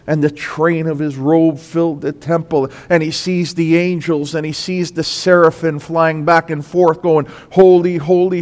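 High-voiced preacher in a reverberant hall. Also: male voice. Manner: impassioned preaching, voice rising and falling with emphasis. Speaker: pastor. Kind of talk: sermon. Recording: long reverb of a large hall.

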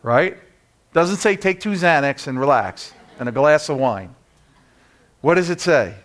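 A man preaching a sermon in church, talking to the congregation with rhetorical questions, singing bits of a hymn and moving from quiet to loud. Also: on the high side, animated, a little slow. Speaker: pastor.

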